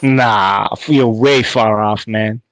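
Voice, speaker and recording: A man's voice: lowish voice, steady tone, no echo, low-quality recording. A Canadian man with a slightly nasal Canadian accent, calling in for a casual, playful chat. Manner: playful, teasing, drawn-out guessing game. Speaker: caller.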